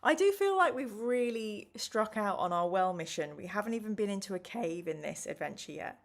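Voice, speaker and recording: A woman's voice: mid-range voice, lively intonation, normal speed, vocal fry. A woman hosting a live-streamed gamebook play-through, chatting with viewers and reading the choices aloud. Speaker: streamer and host.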